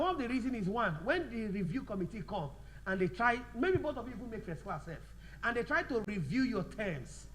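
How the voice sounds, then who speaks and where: High-voiced man quizzing his law class. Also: a bit bright. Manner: repetitive, quizzing the class with fill-in questions; slows down to dictate notes. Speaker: law school lecturer. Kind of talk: classroom revision lecture.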